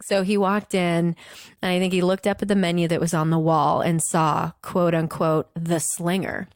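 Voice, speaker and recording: A woman hosting a podcast, telling a story in a fast, giggly, animated way and chatting casually. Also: lowish voice, no room sound. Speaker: podcast host. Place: Chicago.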